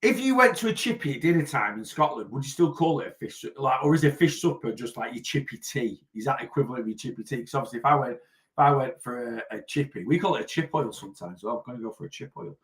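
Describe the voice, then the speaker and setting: A man's voice: mid-range voice, expressive, fast, a bit bright. A man from the North West of England talks loosely and at length. He is a weight loss coach on a casual livestream, rambling along and picking up viewer comments in an ordinary mid-range voice.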